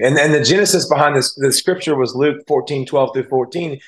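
A man's voice: mid-range voice, fast, hardly any pauses. Earnest man telling a heartfelt story. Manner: earnest, emotional storytelling with many restarts. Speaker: guest, former football player and analyst. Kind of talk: casual interview talk.

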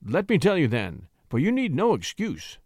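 A man's voice: fairly high pitch, wildly swooping pitch, normal speed, creaky, darkish tone, breathy edge, no echo, clean studio sound, full character voice. A man voicing a bashful young shepherd poet who stammers shyly. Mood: flustered. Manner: stammering, shy.

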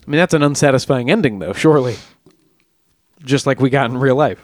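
A man's voice: medium pitch, brisk, no room sound, studio quality. A man co-hosting a podcast from the United States, tossing in wry, jokey asides in casual banter. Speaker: podcast co-host.

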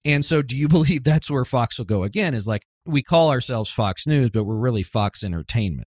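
A man's voice: mid-range voice, animated, a little fast, a little mellow, dry recording. Guy hosting a podcast panel, asks his guests stuff, mid voice, dry close sound. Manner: steers the talk with questions to panelists. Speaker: podcast host. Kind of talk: casual panel discussion.

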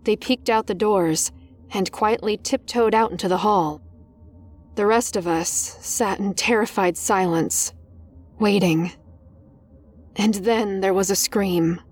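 A woman's voice: medium pitch, slow pace, a little mellow. A woman narrating a first-person horror story in a tense, dramatic manner. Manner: tense, dramatic, rising in panic.

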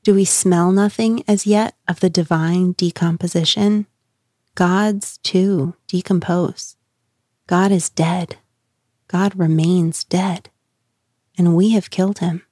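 A woman's voice: fairly low pitch, steady tone, slow, darkish tone, no room sound, clean studio sound. A woman reading the lines of an anguished man crying out to a crowd, in an impassioned, questioning manner. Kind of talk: dramatic reading.

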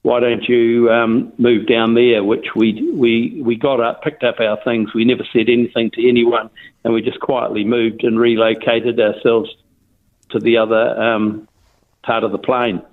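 An older man with a New Zealand accent tells a long story over the phone, rambling and restarting his sentences. His voice sits at a middle pitch and comes through a thin, tinny phone line. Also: level tone, unhurried. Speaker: interviewee. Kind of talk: phone interview, casual storytelling.

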